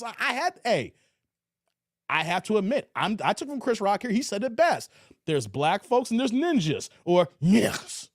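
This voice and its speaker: A man from Chicago hosts a casual live stream, reading and answering chat messages in a laid-back drawl. His voice sits rather high, and he trails off quietly at the ends of phrases. The sound is close and dry, with no room echo.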